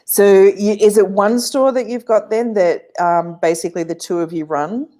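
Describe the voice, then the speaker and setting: A woman hosting an interview, asking relaxed questions and giving short acknowledgements. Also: medium pitch, normal speed. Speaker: interviewer, host.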